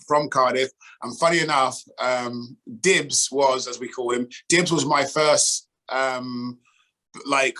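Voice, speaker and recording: A man's voice: mid-range voice, fairly even intonation, takes it slowly, bright, forceful tone. A man, a former player, telling a story casually with many fillers like "um" and "like". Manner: chatty, filler-heavy.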